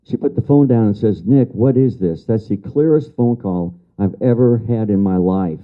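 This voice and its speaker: A man's voice: fairly low pitch, normal speed. An older man giving a lecture as a story to an audience, repeating key phrases for emphasis and answering remarks from the room. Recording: dull lo-fi lecture recording.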